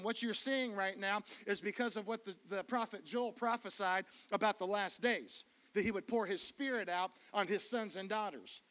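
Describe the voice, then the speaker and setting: A man preaching as a guest pastor in a church, energetic and joking, often calling out to the congregation. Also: high-pitched. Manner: energetic, joking, calls out to the crowd. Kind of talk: sermon. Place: church sanctuary.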